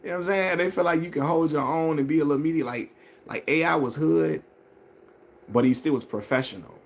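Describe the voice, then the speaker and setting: On a casual live stream, a man with a slightly high voice chats a little fast and loosely about basketball while reading viewer comments. It's easygoing sports talk, peppered with slang, repeated phrases and plenty of laughs.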